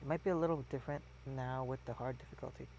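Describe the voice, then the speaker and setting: A man's voice: medium pitch, steady tone, quick pace, a little mellow, dull audio, a little hiss or hum. A man streaming a game, chatting casually in a rambling, musing, self-mocking way. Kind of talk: casual gameplay chat.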